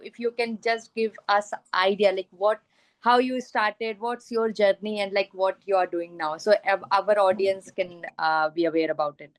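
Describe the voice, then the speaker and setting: A woman's voice: medium pitch, dry recording, poor audio. A woman hosting an online panel, polite and hesitant, with many fillers. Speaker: panel host.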